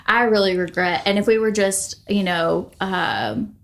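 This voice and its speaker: A woman in her thirties co-hosting a relaxed chat podcast. She talks in long, rambling runs, full of fillers and restarts. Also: medium pitch, measured pace. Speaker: podcast co-host. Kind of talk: casual chat.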